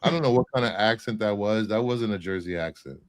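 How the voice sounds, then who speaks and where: A man's voice: fairly low pitch, fairly quick. A man hosting a casual pop-culture chat show, joking and rambling with lots of fillers. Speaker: podcast host.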